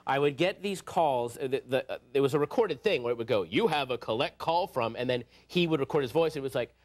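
A man in his thirties, a comedian guest on a talk show, telling a story animatedly and acting out voices, sometimes shouting. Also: mid-range voice, quick pace. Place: TV studio with live audience.

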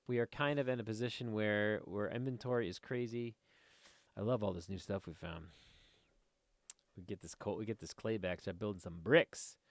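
A man's voice: medium pitch, no echo. Rambling, chatty gaming commentator man. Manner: chatty and rambling, easily sidetracked, talks to the viewers and the game creatures. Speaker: let's play host. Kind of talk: casual gameplay commentary.

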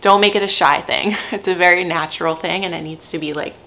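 Chatty young mom with gravelly fry. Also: female voice, lowish voice, steady tone, brisk, pushed and bright. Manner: chatty, frank and laughing often. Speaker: parenting vlogger, mother of three. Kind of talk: casual chat to camera. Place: at home.

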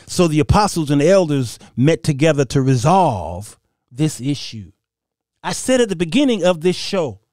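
A man preaches on his own show, his high voice swinging up and down. He laughs, mocks and reads passages aloud. The sound is close and dry. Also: darkish tone, no room sound. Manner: laughing, mocking, reading scripture aloud. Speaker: host of a Bible commentary show. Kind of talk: animated preaching commentary.

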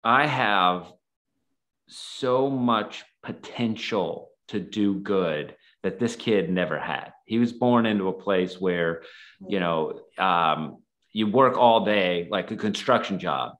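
A man's voice: low voice, slow, a bit bright. A man guest on a podcast, telling stories in a casual, rambling way full of fillers. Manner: rambling, filler-heavy, acts out quoted dialogue. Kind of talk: casual storytelling.

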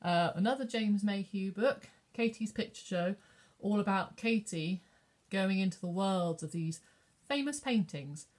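A woman's voice: mid-range voice, expressive, measured pace, a little mellow. A woman librarian reading a picture book aloud at story time.

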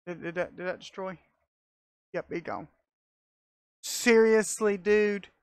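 A woman giving casual, excitable commentary as she plays a video game, talking to herself and laughing often, recorded on a close mic. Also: medium pitch, slow pace, clean tone, no echo. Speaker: gamer.

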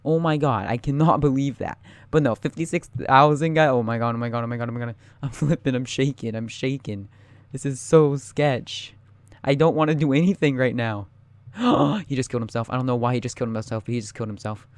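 A young man giving live gameplay commentary, excitable and panicky, talking straight to his viewers. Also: mid-range voice, fairly quick, dry recording. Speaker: gaming YouTuber.

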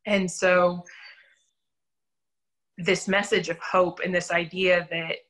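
Earnest young woman with a bright voice. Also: on the low side, level tone, slow pace, low-quality recording. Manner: candid, earnest storytelling with self-deprecating laughs. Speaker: church volunteer sharing her testimony. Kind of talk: personal faith testimony in an interview.

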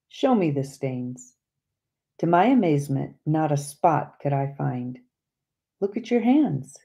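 A woman reading a book aloud as an audiobook narrator, in a gentle, measured way. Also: low voice, vocal fry. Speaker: audiobook reader. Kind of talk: scripted narration.

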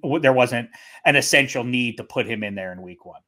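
Bright-voiced man, animated football chat. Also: medium pitch. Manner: animated, quick to put on silly voices and impressions. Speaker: guest analyst. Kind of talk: casual sports chat.

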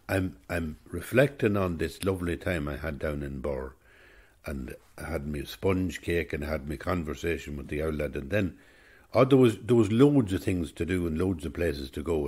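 Deep husky older Irish storyteller. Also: male voice, normal speed, a little mellow. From Ireland. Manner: reflective, digressive. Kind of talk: rambling storytelling monologue.

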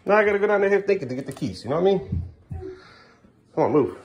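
A man's voice: on the high side, fast, pauses often, slightly rough. A man in his thirties at home filming a casual family vlog, coaxing his small children playfully and muttering asides. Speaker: father filming his kids.

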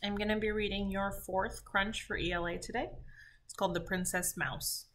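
A woman teacher reading a folk tale and quiz questions aloud to her sixth graders, clear and deliberate. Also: medium pitch, steady tone, a bit bright. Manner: clear deliberate read-aloud, reads answer choices slowly.

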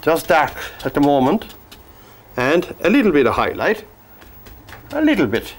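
A man teaching a painting demonstration, gently coaxing the brushstrokes as if talking to the paint. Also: on the high side, wildly swooping pitch, unhurried. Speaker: painting instructor.

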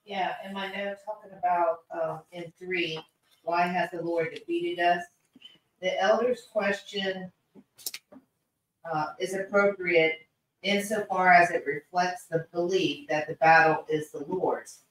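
A woman in a bible study group who reads her study notes aloud in a halting way. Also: lowish voice, a bit bright, very echoey, recorded from a distance, slight background noise, low-quality recording.

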